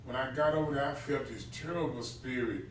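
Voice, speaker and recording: A man's voice: mid-range voice, brisk, distant mic, slight background noise. A man telling a personal story in conversation, plain-spoken and incredulous. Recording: echoey room, heard from off-mic.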